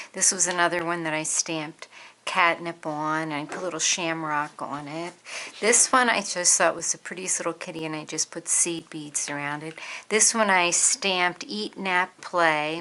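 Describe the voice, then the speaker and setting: A woman talking through a crafting tutorial in a relaxed, chatty way, thinking aloud as she works. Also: fairly low pitch. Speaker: crafter demonstrating a project.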